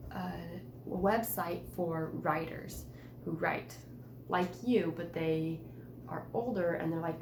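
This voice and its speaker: A woman's voice: on the low side, roomy sound, background noise. A woman teacher guiding a writing conference, chatty and encouraging, with many fillers.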